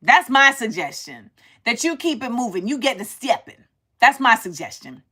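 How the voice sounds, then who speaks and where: Bright-voiced New woman telling stories. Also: fairly high pitch, moderate pace, slightly rough. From Harlem, New York. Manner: animated, acts out quoted voices. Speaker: host. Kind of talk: casual storytelling chat.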